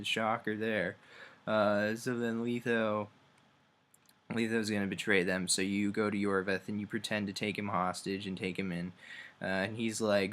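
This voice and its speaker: A man's voice: on the low side, fairly bright tone. A young man recapping a video game's plot in a loose, offhand way, full of fillers and crude asides. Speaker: video game reviewer. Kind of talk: casual rambling plot recap.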